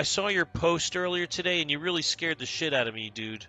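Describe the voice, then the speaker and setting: A man's voice: on the high side, fairly quick, few pauses, faint music behind. A man chatting casually with his viewers during a game stream, greeting them by name and swearing freely. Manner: talks to chat by name, excitable, swears casually. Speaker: live streamer. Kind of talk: casual gameplay stream chat.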